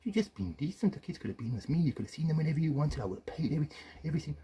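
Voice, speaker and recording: A man's voice: a little high, sing-song, very fast, warm tone, slight background noise. A man, an estranged father, delivering an angry, profane video rant with accusations, swinging between muttered asides and raised confrontation.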